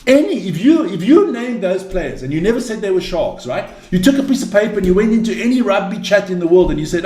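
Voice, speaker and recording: Ranting man with a high voice. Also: big pitch swings, quick pace, few pauses, a little mellow, roomy sound. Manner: ranting, swearing, fired up. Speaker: rugby channel host. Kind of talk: heated casual chat.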